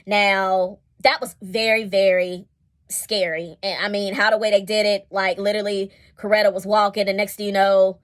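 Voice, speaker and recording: A woman's voice: mid-range voice, normal speed. Chatty woman vlogger reviewing episodes. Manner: chatty and expressive, laughing and acting out scenes; colloquial and digressive. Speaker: series reviewer. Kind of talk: casual spoken TV episode review.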